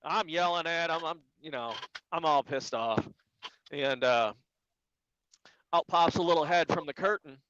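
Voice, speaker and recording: A man who drives a flatbed truck, chatting casually as a guest on a live stream and telling animated stories about life on the road. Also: on the high side, unhurried, clean tone, no echo, lo-fi sound. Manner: animated storyteller, quotes people in voices.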